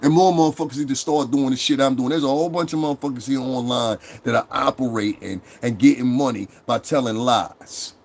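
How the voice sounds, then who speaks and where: A man's voice: medium pitch, a little fast, hardly any pauses, a little mellow. Brief: male streamer, heated profane rant to chat, mid-range voice, repeats himself for emphasis. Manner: angry, profane, repetitive ranting. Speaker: online streamer.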